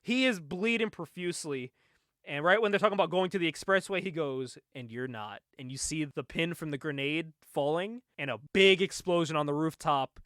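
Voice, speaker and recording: A young man in casual conversation, excitedly recapping a comic book, laughing often and acting out the lines. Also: a little high, a little fast, no echo, studio quality. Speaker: podcast co-host.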